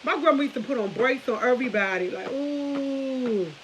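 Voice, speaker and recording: A woman vlog host with a slightly high, somewhat bright voice talks fast. She rambles through casual stories for her viewers, chatty and full of laughs and restarts. The audio is dull and lo-fi with a faint hiss.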